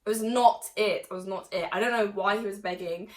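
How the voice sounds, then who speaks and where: A young woman telling a personal story to camera in a chatty, animated way, with laughs and sudden loud bursts. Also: medium pitch, fairly quick, a little hiss or hum. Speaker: vlogger.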